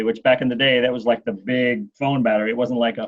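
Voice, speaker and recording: A man in his forties, a guest telling a long anecdote in an interview, animated and acting out what others said. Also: mid-range voice, fast, few pauses. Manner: animated storyteller, acts out quotes. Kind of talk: storytelling in an interview. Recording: dull lo-fi sound.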